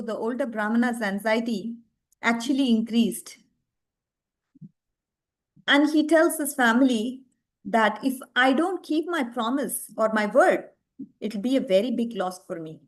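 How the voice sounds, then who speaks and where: High-voiced woman telling a devotional story. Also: unhurried, pauses often. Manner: expressive, rhetorical questions to listeners.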